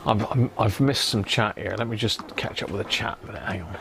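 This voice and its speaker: A gravelly-voiced man talks his way through a repair at his home workbench. He rambles and mutters to himself in a relaxed, chatty way, with faint noise in the background. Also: lowish voice, a little fast. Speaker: radio repair live-streamer. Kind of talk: casual live-stream chat while repairing. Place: home workshop upstairs.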